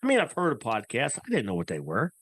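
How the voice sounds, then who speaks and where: A man with a Southern American twang chatting casually on a podcast, laid-back and halting, often repeating words. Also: medium pitch, huge pitch swings, a bit bright, breathy edge, no echo. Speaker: former co-host, now hunting podcaster. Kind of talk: casual chat.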